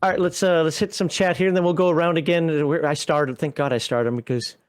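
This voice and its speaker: A man hosting a livestream panel, upbeat and quick to laugh. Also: fairly high pitch, fairly even intonation, clear, resonant tone. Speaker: stream host. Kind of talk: casual panel chat on a livestream.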